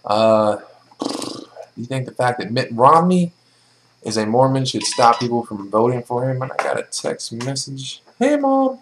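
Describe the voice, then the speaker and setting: A man's voice: mid-range voice, normal speed, background noise. A young man casually answering viewer questions in a vlog, blunt and profane, with plenty of ums and likes. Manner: blunt, swears freely, lots of filler.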